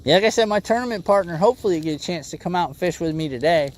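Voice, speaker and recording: A man's voice: high voice, lively intonation, racing, a little hiss or hum. A man hosting a casual fishing livestream from a boat, laid-back and calling viewers "bro" and "bud.". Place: outdoors on a boat on a lake.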